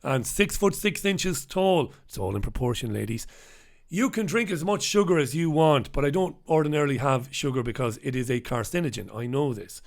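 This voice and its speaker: A man's voice: mid-range voice, lively intonation, normal speed. A middle-aged man, hosting a casual live-stream and chatting, joking and reading out viewers' names. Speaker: host.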